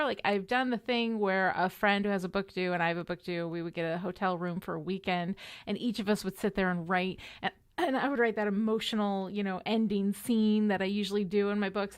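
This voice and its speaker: A woman's voice: medium pitch, clean tone. A tired woman chatting casually with her live audience during a writing sprint, upbeat and full of fillers. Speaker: livestream host of a writing sprint.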